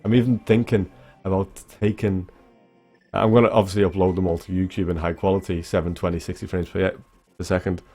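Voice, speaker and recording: A young man with a deep, low-pitched voice talks loosely to his stream viewers, swearing now and then and jumping between thoughts. Faint music plays under his chatter. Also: little pitch movement, brisk, a little mellow, breathy edge. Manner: rambling, swearing, talks straight to chat. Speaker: speedrunner streamer. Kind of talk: casual livestream chat with viewers.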